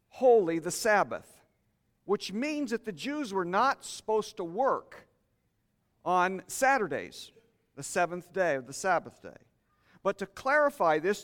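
A man's voice: high-pitched, a bit bright. A man preaching a sermon in a conversational way, inviting the congregation to share their thoughts. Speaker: pastor. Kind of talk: interactive sermon. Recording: long hall reverb.

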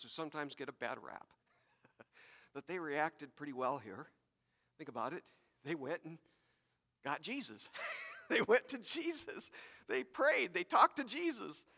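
Male pastor, high voice, bright and forceful, lively conversational sermon, echoing hall. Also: vocal fry. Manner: animated, conversational preaching with repeated words and asides to the congregation.

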